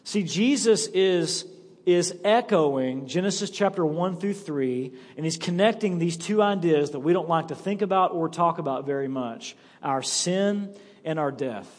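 A high-pitched man preaching in a church sanctuary, his voice trailing off into a long reverb. He reads scripture slowly and softly, then comes back up with emphatic, driving points. A pastor's sermon delivery throughout. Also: lively intonation. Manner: emphatic preaching, slows and drops low for scripture.

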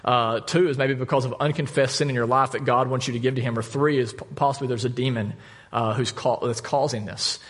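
A male pastor preaching a sermon, telling a story with lively asides and jokes. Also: medium pitch, brisk. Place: church.

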